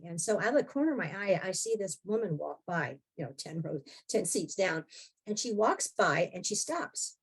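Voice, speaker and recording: A woman's voice: medium pitch, expressive, moderate pace, fairly bright tone, slightly rough. A woman in her sixties, a podcast guest telling her own story in a wry, blunt way with frequent laughs. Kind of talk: candid personal storytelling.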